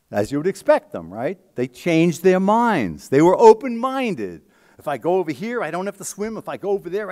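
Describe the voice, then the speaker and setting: A man giving an emphatic, conversational scientific talk at a conference, often checking in with the audience. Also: high-pitched.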